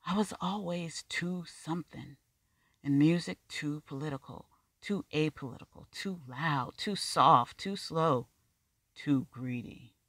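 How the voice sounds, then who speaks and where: A story reader voicing an anxious, rambling Black man who talks fast and confesses his doubts in a raised, pleading voice. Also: mid-range voice, fairly bright tone, no room sound. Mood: confessing. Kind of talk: audiobook dialogue reading.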